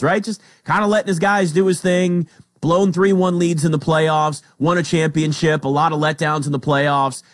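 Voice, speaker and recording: A man hosting a sports talk show, arguing with emphatic swings between loud emphasis and quick asides. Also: fairly high pitch, no echo, clean studio sound.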